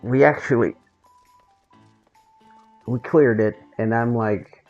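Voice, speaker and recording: A man's voice: medium pitch, slow pace, long pauses. A man telling a gaming story in a blunt, sarcastic, swear-heavy way, over a dull lo-fi recording with faint music. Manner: blunt, sarcastic, swears freely, restarts often. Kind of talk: casual profane storytelling.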